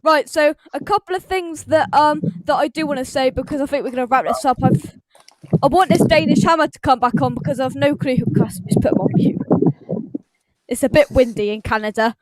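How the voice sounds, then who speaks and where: A man's voice: very high-pitched, fairly quick, no echo, rough recording. A man hosting a casual livestream, rambling with many fillers. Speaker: host.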